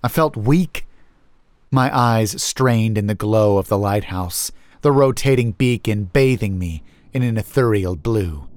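A man narrating a first-person horror story in a slow, measured, brooding manner on a close mic. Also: lowish voice, expressive, a little mellow, no room sound.

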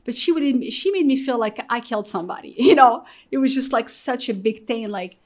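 A woman's voice: on the high side, normal speed. A middle-aged woman from Morocco, speaking as an interview guest, telling her personal story candidly and acting out the voices of people she quotes. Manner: animated, acts out quoted voices, fillers like "you know".

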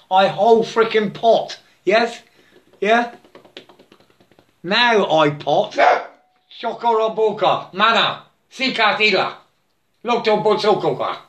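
A man giving a halting, repetitive spiritual monologue, breaking into chanted mantras and laughing to himself. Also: sits high, lively intonation, a bit bright.

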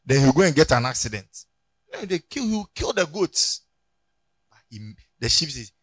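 Ghanaian male pastor, lively sermon, bright tone, dry close sound. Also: a little high, moderate pace, long pauses, slightly rough, dry recording. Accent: Ghanaian English. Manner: animated, storytelling, rising to loud emphatic peaks. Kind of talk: sermon with anecdotes. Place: church.

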